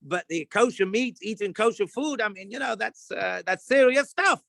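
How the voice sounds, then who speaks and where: A man, a rabbi, talking casually about kosher supervision, acting out little scenes and now and then bursting into shouts. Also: high-pitched, moderate pace, creaky, dry recording. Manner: animated storyteller, acts out scenes, jumps to shouts. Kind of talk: casual talk to camera.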